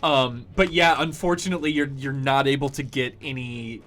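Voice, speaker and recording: Male game master, relaxed narration, quiet music bed. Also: mid-range voice, moderate pace. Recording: faint background music.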